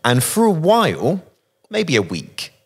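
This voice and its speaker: A man from England, a guest musician in a casual interview, telling thoughtful anecdotes with frequent pauses and fillers. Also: a little high, huge pitch swings, vocal fry, slightly rough. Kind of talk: casual interview, reflective storytelling.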